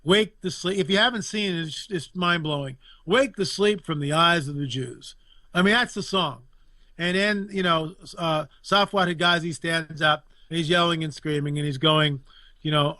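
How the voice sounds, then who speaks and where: A man's voice: a little high, moderate pace, bright, forceful tone, no echo. A man talking in an impassioned, indignant way as a guest commentator, repeating phrases for emphasis. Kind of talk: impassioned political talk.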